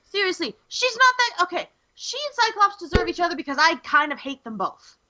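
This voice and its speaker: Woman, podcast host, bright lively voice, blunt opinions, slightly dull lo-fi audio. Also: very high voice. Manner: blunt, opinionated, quick reactions. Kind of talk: casual chat.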